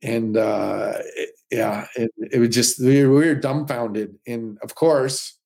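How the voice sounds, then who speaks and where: A middle-aged man, a stuntman guest, telling animated anecdotes in a casual interview and often quoting others. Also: medium pitch, takes it slowly, creaky. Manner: animated anecdotes with quoted voices.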